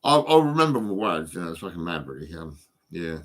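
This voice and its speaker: A lowish, bright-edged male voice rants into a phone, repeating words as he stumbles along. He swears constantly and lurches between grumbling under his breath and loud outbursts. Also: very animated, brisk. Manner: heavy swearing, stammering repeats, swings from muttering to outbursts. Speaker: vlogger. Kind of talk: rambling solo rant to camera.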